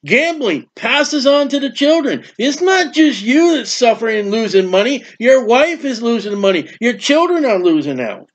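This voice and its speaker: A man's voice: very high voice, very animated, normal speed, few pauses. A man preaching a sermon in a folksy storytelling way, acting out quotes from the stories he tells. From United States. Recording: dull lo-fi recording.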